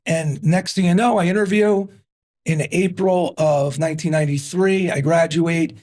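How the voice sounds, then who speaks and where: A New Jersey man in his fifties appears as a guest on an interview show, telling his story with energy and punch and repeating himself to drive points home. His husky voice sits a little high for a man, and he speaks at a moderate pace.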